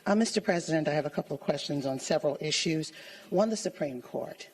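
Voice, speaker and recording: A woman reporter putting an earnest, measured question at a press conference. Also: deep voice, animated, husky, low-quality recording.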